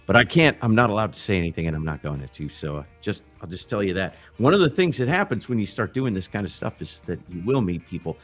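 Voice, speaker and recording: A deep-voiced man hosts a casual livestream chat, rambling, restarting sentences and dropping curses along the way. Faint music plays behind him. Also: big pitch swings, fast talker, hardly any pauses, fairly bright tone. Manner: rambling, loose and profane, restarts often. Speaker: livestream host. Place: backyard grill gazebo.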